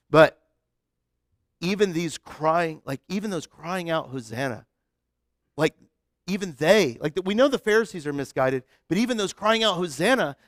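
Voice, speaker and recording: A man's voice: on the high side, dry recording, studio quality. A male pastor giving a casual, conversational sermon, chatty and full of restarts.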